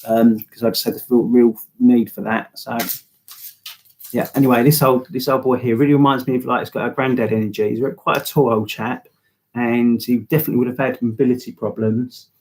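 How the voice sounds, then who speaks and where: A man talks quickly through psychic readings, in a casual and rambling way with plenty of fillers. His voice sits at an ordinary middle pitch. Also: flat delivery, a little mellow. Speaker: psychic medium co-host. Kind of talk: live psychic reading chat.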